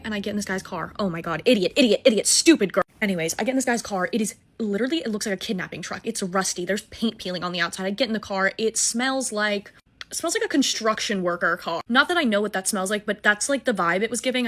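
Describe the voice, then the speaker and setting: A woman's voice: mid-range voice, a bit bright. A woman in her twenties, a musical theater student, telling a date story in a casual, self-mocking way with lots of swearing and acted-out dialogue. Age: 20s.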